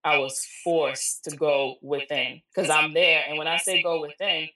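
Woman, 40s, interview guest: low, forceful, candid storyteller recorded in a roomy space. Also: unhurried, few pauses. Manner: candid, animated, quotes people mid-story. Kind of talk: emotional personal storytelling. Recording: echoey room, distant mic.

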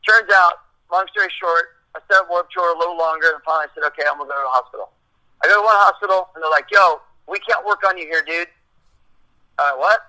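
A man's voice: on the high side, fast talker, pushed and bright, rough recording. A middle-aged man telling a rambling, profane story in a casual chat, acting out what people said. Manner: profane, rambling, acts out quotes.

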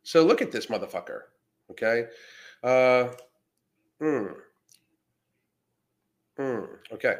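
A man's voice: mid-range voice, lively intonation, takes it slowly, pauses often. Brash, profane man riffing on comments. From Florida. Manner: brash, profane, mocking, loud outbursts. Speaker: podcast host reacting to comments. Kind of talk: casual profane livestream chat.

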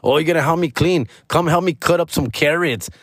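A woman's voice: sits low, fairly quick, slightly rough, no echo, studio quality, pitched above the performer's own voice. A man voicing his live-in girlfriend asking him to help with chores. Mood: pleading. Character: tired, pleading young adult girlfriend.

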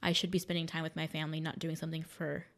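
Teary, soft-spoken young woman. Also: low voice, completely flat delivery. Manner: soft-spoken, halting, lots of fillers. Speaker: podcast co-host. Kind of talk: casual chat.

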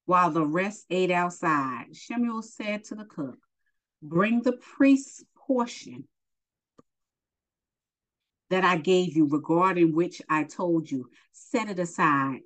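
A woman's voice: on the low side, measured pace, few pauses, fairly bright tone, low-quality recording. A woman teaching a Bible lesson, reading scripture aloud and stopping to explain it in casual asides.

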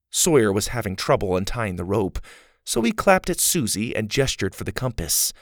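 A man reads a children's adventure aloud, his voice gravelly with fry while his pitch rises and falls freely. The recording is dry and close to the mic. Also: normal speed, no room sound. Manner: lively storytelling. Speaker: narrator. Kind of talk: children's story narration.

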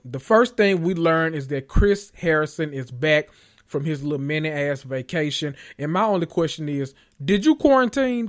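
A man hosting a reality TV recap, rambling in sassy, profane commentary and laughing at his own jokes. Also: fairly high pitch. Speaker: host of a reality TV recap show.

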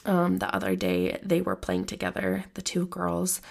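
A woman's voice: on the low side, very animated, normal speed, creaky. A woman in her thirties hosting a podcast, talking casually and self-deprecatingly, with many restarts. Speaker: podcast host.

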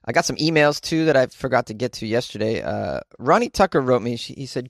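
A man's voice: mid-range voice, sing-song, brisk, vocal fry, few pauses, no room sound, clean studio sound. A man hosting a comedy news podcast, chatting casually and joking while he reads out listener reviews and emails. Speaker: podcast host. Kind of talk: casual solo podcast chat reading listener mail. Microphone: home podcast mic.

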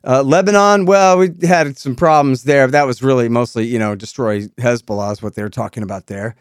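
A man hosting a political interview, ranting sarcastically and swinging from quiet asides to loud outbursts. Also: medium pitch, fairly quick, clean tone, dry recording, clean studio sound. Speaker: host.

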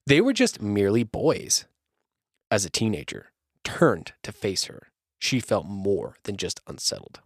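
A man's voice: fairly low pitch, sing-song, a little slow, slightly rough, no echo, clean studio sound. Man reading a spooky story on a podcast. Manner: profane, jokey, reads aloud. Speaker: podcast host.

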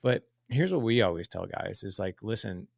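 A man in his forties, a podcast guest and dads' coach, giving advice in lively conversation and acting out the people he quotes. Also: on the low side, normal speed, creaky, slightly rough, dry recording, studio quality. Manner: animated storyteller who acts out quotes. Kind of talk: conversational interview answers.

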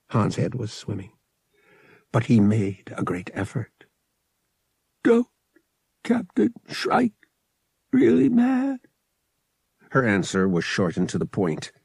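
A man reading an audiobook with expressive, dramatic storytelling. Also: mid-range voice, gravelly, husky, no room sound. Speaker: audiobook reader. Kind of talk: audiobook narration.

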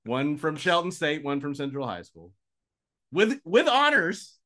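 A man in his forties, a play-by-play announcer co-hosting a sports podcast in casual, dry, self-mocking chat, quick to laugh. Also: fairly high pitch, very animated, bright, forceful tone.

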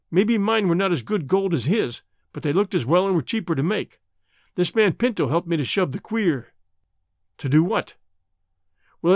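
A man voicing a cool, cocky young outlaw who answers calmly, quickly and slyly in an audiobook. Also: sits high, no echo, clean studio sound. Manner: calm, quick, sly answers.

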